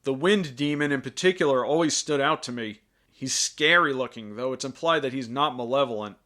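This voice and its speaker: A man's voice: mid-range voice, a little fast, sharp tone. A man hosting a scripted film review with sarcastic, jokey asides.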